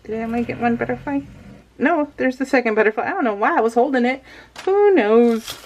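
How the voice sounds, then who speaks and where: A woman's voice: fairly high pitch, fairly quick, a little mellow, slight background noise. A woman vlogger chatting casually and laughing at herself as she unboxes a craft kit. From California. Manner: chatty, giggly, talks to herself.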